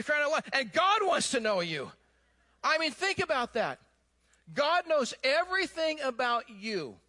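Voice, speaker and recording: A man preaching a sermon, telling a story with animated emphasis that drops to hushed, low tones. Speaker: pastor.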